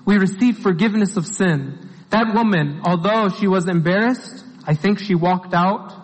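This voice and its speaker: A man's voice: high voice, long reverb tail, poor audio. A man giving a conversational sermon, telling the story plainly and repeating key phrases for emphasis. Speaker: preacher.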